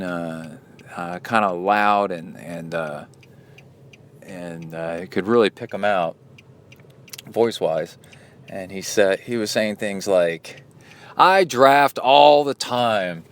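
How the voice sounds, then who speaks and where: A man hosting a podcast as a coach, telling a story in a rambling, indignant way with many fillers. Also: on the low side. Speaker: podcast host and endurance coach. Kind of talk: casual storytelling monologue.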